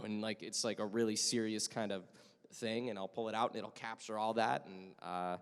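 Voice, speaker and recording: A man's voice: fairly low pitch, fairly even intonation, normal speed, clear, resonant tone. A man speaking as a voice-acting panelist, chatty and detailed with many fillers, in casual convention talk. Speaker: panelist voice actor. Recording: echoey convention hall.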